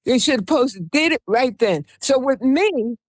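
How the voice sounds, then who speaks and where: Woman talk-radio host, fairly high and very lively voice, rambling storyteller who exhorts listeners, dry close sound. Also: normal speed, no room sound. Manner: exhorting listeners, repeating "come on, people"; rambling with restarts, acting out quoted voices. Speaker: radio show host and self-styled prophetess. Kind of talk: animated first-person storytelling on radio.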